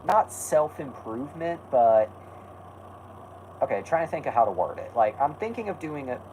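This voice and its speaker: A man's voice: on the high side, big pitch swings, moderate pace, darkish tone, slight background noise, rough recording. A man hosting a casual stream, rambling and correcting himself while answering chat. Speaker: host.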